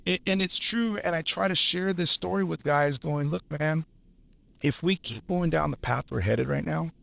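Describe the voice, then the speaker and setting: A man around fifty, a journeyman lineman and podcast guest, telling stories in a blunt, profane, animated way. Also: a little high, moderate pace, vocal fry. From Los Angeles area. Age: 50s. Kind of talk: casual storytelling chat.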